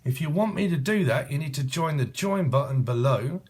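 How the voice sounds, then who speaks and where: A man's voice: on the high side, expressive, normal speed, a little mellow, slightly rough. A man giving a casual tarot reading, free-associating from word to word, punning and swearing freely. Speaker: tarot reader.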